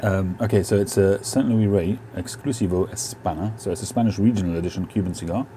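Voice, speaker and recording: A man's voice: low voice, brisk, mellow, a little hiss or hum. A man hosting a casual live stream from home on a phone, chatting and answering viewers' comments.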